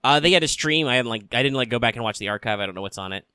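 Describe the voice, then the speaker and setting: A man's voice: medium pitch, animated, rapid-fire, pushed and bright, clear, resonant tone, no room sound, clean studio sound. A man co-hosting a podcast, chatting casually in a wry, rambling way with lots of fillers. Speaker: podcast co-host. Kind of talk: casual chat.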